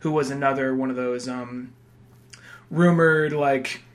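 A man's voice: mid-range voice, fairly even intonation, a little slow. Rambling male podcast co-host. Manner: rambling, trailing off. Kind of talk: casual chat.

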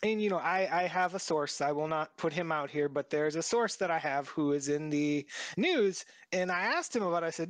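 A man with a Boston accent co-hosting a casual talk show, chatty with lots of quick asides. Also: on the high side, dry recording. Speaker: podcast co-host. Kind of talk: casual chat.

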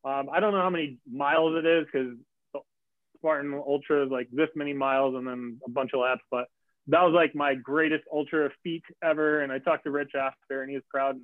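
A man telling a race story in casual chat, acting out quotes with lively jumps in his voice. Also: a little fast, no echo. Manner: animated, acts out quotes with big pitch jumps. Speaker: guest athlete. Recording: tinny phone-like line.

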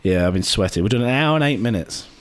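A man's voice: on the low side, lively intonation, quick pace. A man hosting a casual podcast, rambling and joking, swearing often. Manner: swears a lot, rambling and jokey. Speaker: podcast host. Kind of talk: casual chat. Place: hot indoor room.

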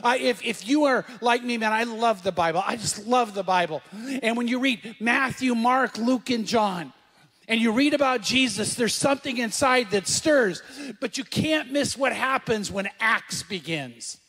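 A man's voice: very high-pitched, unhurried, fairly bright tone, in a large hall. A middle-aged man preaching a sermon to a congregation, conversational, asking the room questions and repeating key phrases. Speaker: pastor.

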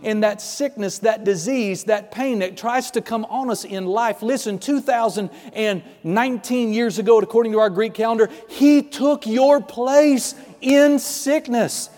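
A male pastor delivers an animated sermon, dropping to a hush and then rising to loud declarations. His voice sits fairly high. The sound carries a long reverb from a large church hall. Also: normal speed, hardly any pauses. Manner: animated preaching, swinging between hushed and loud.

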